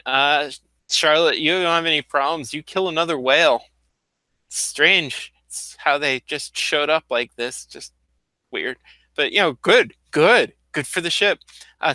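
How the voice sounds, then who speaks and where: A man's voice: a little high, bright, forceful tone, dry recording, rough recording. A man narrating as game master, explaining at length with loose fillers and restarts.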